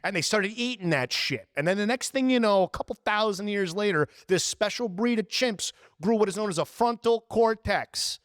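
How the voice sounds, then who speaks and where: Animated high-voiced young man ranting. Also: normal speed, few pauses, no echo, studio quality. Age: 20s. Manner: profane, animated storytelling with put-on quotes. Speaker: podcast host. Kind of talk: casual podcast rant.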